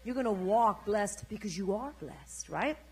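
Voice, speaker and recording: An older woman preacher delivering an energetic sermon, urging the congregation to repeat her words. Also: medium pitch, unhurried, low-quality recording.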